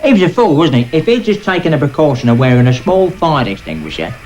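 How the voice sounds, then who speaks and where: A man's voice: on the high side, very animated, fast, a little mellow, muffled recording, faint music behind. An actor playing a grumbling, matter-of-fact man, telling a story in a sketch comedy monologue.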